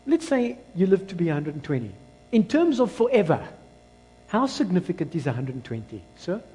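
A South African man preaching a sermon, swinging between loud exclamations and low, quiet asides, and dropping into Afrikaans phrases. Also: very animated, brisk, low-quality recording. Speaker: pastor.

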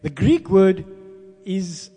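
Emphatic preacher in a hall. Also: male voice, high voice, sing-song, mellow, husky, soft background music. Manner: call-and-response with congregation; emphatic, slows down to stress words. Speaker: pastor. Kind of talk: sermon. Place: church hall. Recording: long reverb in a large hall.

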